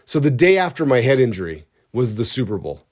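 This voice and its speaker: A man's voice: medium pitch, sing-song, fairly quick, darkish tone. A man co-hosting a podcast who tells a story in a casual, comic, rambling way and often cuts himself off mid-sentence. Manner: rambling, self-interrupting, comic. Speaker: podcast co-host.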